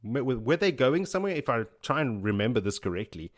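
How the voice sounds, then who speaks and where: A man hosting a podcast, recapping a book in casual chat, laughing often and acting out characters' lines as quick paraphrased quotes. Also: medium pitch, very animated. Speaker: podcast host.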